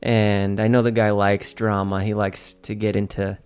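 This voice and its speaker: A man from Staten Island, delivering an animated, profane, mock-outraged monologue as a podcast host, with faint music behind him. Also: fairly low pitch, normal speed, clean tone. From Staten Island, New York. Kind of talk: ranting comedic monologue. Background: faint sad music.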